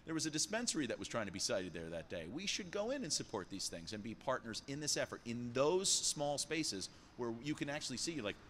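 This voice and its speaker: Guy on a podcast, lively up-and-down voice, bright, bit of hiss behind. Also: medium pitch, a little fast, hardly any pauses. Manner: animated, repeats words when emphatic. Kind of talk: podcast conversation.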